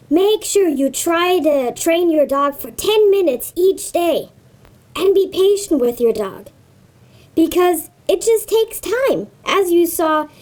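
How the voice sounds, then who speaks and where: Slow, very high-voiced woman. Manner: gentle, patient, gives simple dog commands. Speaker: kids' show host teaching dog tricks. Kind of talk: talking to children at home.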